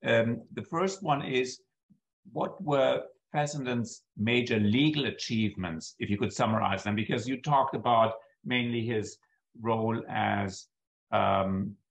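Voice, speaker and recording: A man's voice: medium pitch, unhurried, gravelly, rough recording. Hesitant male moderator on a call. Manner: hesitant, with frequent ums. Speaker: seminar moderator. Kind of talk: moderating questions.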